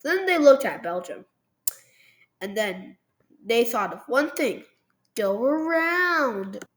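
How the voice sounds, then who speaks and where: A woman's voice: on the high side, sing-song, slow pace, rough recording. A woman narrating a history map video at her computer in a loose, jokey way, full of ums and "they were like". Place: at a computer, recording over a screen.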